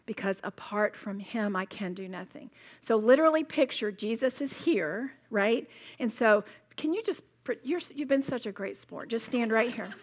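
A woman teaching a women's Bible study in a slightly high voice. She speaks emphatically and passionately, acting out small demonstrations as she goes. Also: moderate pace. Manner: passionate, emphatic, animated storytelling with role-played demos.

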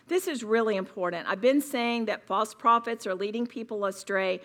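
A woman's voice: mid-range voice, a bit bright. A woman speaking at a women's retreat, preaching emphatically and repeating words for stress. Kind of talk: sermon.

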